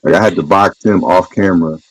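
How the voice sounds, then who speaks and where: A man's voice: deep voice, steady tone, fairly quick, poor audio. A man hosting a casual streamed chat show, talking in a laid-back, profane, slangy way. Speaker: podcast host.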